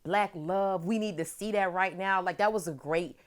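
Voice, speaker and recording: A woman hosting a casual TV episode recap, animated and chatty and swearing freely. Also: on the low side, normal speed. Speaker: host of a TV recap show.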